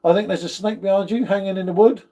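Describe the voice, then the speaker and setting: A man's voice: high voice, fairly even intonation, quick pace, warm tone. A man hosting a casual livestream, reading out viewer comments and greeting viewers in a chatty way, calling everyone "mate". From United Kingdom. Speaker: livestream host.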